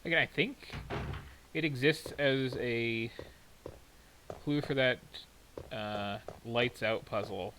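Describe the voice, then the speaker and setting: A man's voice: mid-range voice, slow, pauses often, fairly bright tone, slight background noise, poor audio. A man giving rambling, wry and self-deprecating commentary while streaming a video game. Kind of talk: casual gameplay commentary. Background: game music.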